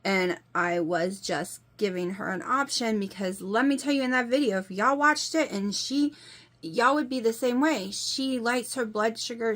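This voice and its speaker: A woman in her forties with a twang vents to her viewers in a rambling, emphatic way. Her voice sits fairly high and keeps circling back to what bothers her, with a lot of repetition. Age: 40s. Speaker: vlogger. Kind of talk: casual talk to camera.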